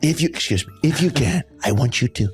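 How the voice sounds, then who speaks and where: Guy playing a pompous insistent character, tabletop game, medium pitch. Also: animated, a little fast, faint music behind. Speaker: player. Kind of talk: in-character role-play.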